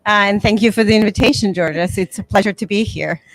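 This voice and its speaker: A woman's voice: medium pitch, quick pace, dry recording. A woman in her forties from Bosnia and Herzegovina, a new association president giving an earnest conference interview.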